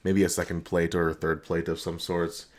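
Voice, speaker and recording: A man's voice: low-pitched, monotone, moderate pace. A man co-hosting a casual podcast, telling rambling stories and laughing often. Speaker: podcast co-host. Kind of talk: casual chat.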